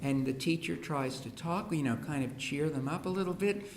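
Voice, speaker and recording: Man, public talk, humorous storyteller, slightly high voice, echoey hall. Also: normal speed. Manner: humorous storyteller, acts out quoted children and parents. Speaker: speaker on education. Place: school hall. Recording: echoey room with faint hiss.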